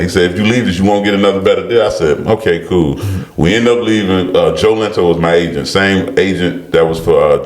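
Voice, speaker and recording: Man, low voice, animated storyteller, roomy sound. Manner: animated storyteller, laughs and acts out quotes. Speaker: guest, former football player. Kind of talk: storytelling interview. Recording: roomy studio.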